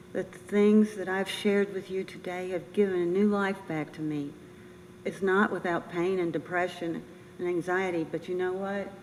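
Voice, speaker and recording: An older woman giving a personal memorial speech as a bereaved military mother, earnest, halting and emotional. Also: on the low side, darkish tone. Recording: reverberant room with faint noise.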